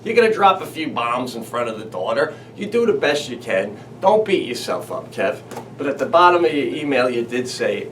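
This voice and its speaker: A man hosting a comedy show, telling stories with animated, acted-out quotes. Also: medium pitch, moderate pace, a little hiss or hum. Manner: animated storytelling, acts out quoted voices. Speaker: comedian host. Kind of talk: comedic monologue. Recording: slightly distant mic, faint ambience.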